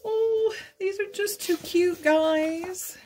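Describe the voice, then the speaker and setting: A woman's voice: very high voice, very slow, a little mellow, a little hiss or hum. A middle-aged woman hosting a craft vlog, cooing and giggling as she unboxes gifts. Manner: gushing, coos and giggles. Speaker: craft channel host.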